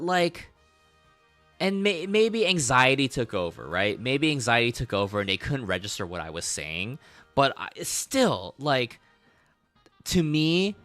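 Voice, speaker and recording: A man streaming a game while telling a long story in an animated, chatty way, laughing often, swearing, and leaning on lots of fillers. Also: mid-range voice, no echo. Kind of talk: casual storytelling while gaming.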